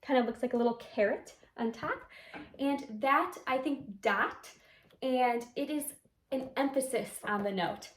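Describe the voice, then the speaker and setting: A high-pitched woman gives a patient flute lesson, walking through tenutos, staccatos and accents one at a time and singing short syllables to show each one. Her voice rings in a noticeably echoey room. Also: moderate pace. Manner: clear step-by-step explaining, sings articulation syllables. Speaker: flute teacher. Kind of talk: instrumental music lesson.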